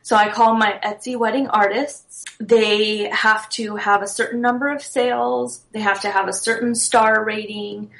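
A woman's voice: medium pitch, fairly even intonation, moderate pace, gravelly, hardly any pauses, a bit bright, poor audio. A woman guest on a podcast, earnestly explaining her wedding blog business with small restarts. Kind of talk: casual interview answers.

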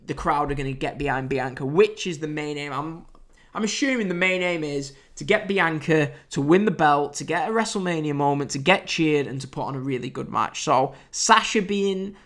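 This slightly high, somewhat bright male voice speaks at normal speed. He's an Englishman from the UK running a laid-back wrestling review podcast on his own, talking in a chatty, wry way that's full of fillers and false starts.

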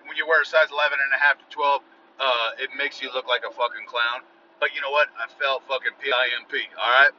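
A man in his thirties ranting excitedly about his new sneakers in a casual vlog, swearing constantly and saying y'all again and again. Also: medium pitch, brisk, slight background noise. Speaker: vlogger. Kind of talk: casual profane rant to camera. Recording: dull lo-fi car recording.

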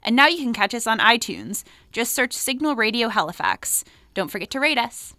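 A woman's voice: a little high, sing-song, normal speed, bright, forceful tone, no echo. A woman co-hosting a podcast, reading the outro and credits in an upbeat scripted way. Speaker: podcast co-host.

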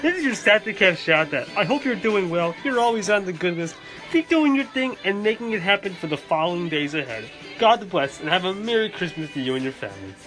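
A man hosting a podcast in a jolly Santa persona, giving cheerful, bouncy holiday shout-outs. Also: high voice, very animated, brisk, faint music behind.

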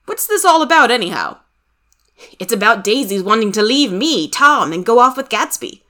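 A woman's voice: fairly high pitch, very animated, normal speed, bright, forceful tone, voice pushed up. A woman reading the part of a bewildered, indignant husband who blusters and demands answers.

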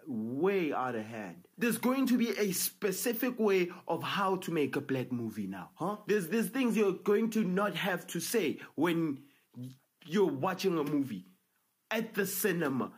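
A man's voice: sits high, husky. A young man, ranting angrily as a vlogger with profanity and stammered repeats. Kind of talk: angry ranting commentary.

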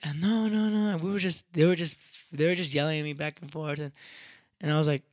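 A young man casually telling a rowdy story, profane and animated, acting out what people said. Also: a little high, brisk, dry recording. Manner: animated, profane, acts out quotes loudly.

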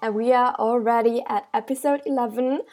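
A woman's voice: on the high side, steady tone, a little fast, darkish tone, faint music behind. Hesitant young German woman chatting. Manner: hesitant, many fillers and restarts, laughs often. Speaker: podcast co-host. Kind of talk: casual chat.

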